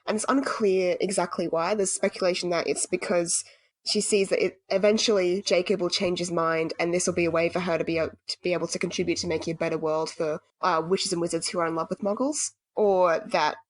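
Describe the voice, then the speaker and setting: Podcast co-host, woman, lower-pitched, casual and chatty, dry close mic. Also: steady tone, fairly quick, no room sound. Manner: chatty, swears casually, lots of "like".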